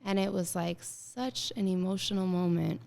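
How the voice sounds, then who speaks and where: A woman around thirty, a guest in an interview, telling her story in a lively way and acting out bits of dialogue, with many filler words. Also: on the low side, normal speed, gravelly. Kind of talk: casual interview conversation.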